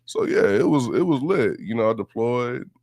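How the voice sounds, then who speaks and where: A man's voice: mid-range voice, wildly swooping pitch, moderate pace, vocal fry, darkish tone, no echo. A man from Houston with a Southern accent, telling stories in a laid-back, profane interview chat and laughing often. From Houston, Texas. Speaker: guest. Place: radio station studio.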